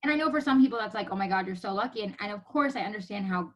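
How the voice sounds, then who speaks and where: Fast-talking animated woman. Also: medium pitch, highs cut off. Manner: animated, acts out quoted voices, laughs often. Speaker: podcast guest. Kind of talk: casual storytelling chat.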